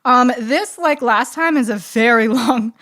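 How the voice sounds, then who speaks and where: A woman's voice: on the high side, measured pace, fairly bright tone. A woman co-hosting a book podcast who jokes and giggles through casual chat, then reads a book synopsis aloud. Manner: giggly, joking, trails off with fillers. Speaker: podcast co-host.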